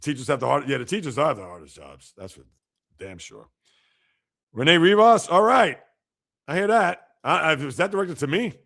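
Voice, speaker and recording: A man hosting a live sports podcast, reacting to news and reading out viewer comments in an animated, chatty way. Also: on the high side, normal speed, gravelly. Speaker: podcast host.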